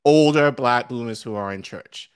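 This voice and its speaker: A man co-hosting a casual political commentary podcast, speaking in a measured way and thinking aloud with restarts. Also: mid-range voice, clear, resonant tone. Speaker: podcast co-host.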